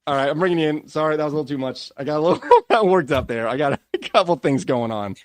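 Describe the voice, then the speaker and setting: Excitable high-voiced man ranting. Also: fast, no echo. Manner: excitable, prone to loud ranting. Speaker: podcast co-host. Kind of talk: casual podcast chat.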